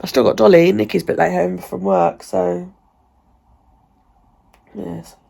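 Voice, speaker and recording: A woman's voice: on the low side, fairly even intonation, measured pace, vocal fry, dark tone, husky. A woman vlogging at home in casual chat, ranting chattily and swearing freely.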